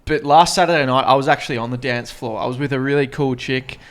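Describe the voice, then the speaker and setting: A man's voice: medium pitch, quick pace. A young man in his twenties with an Australian accent, a podcast co-host telling a story in casual chat and swearing freely.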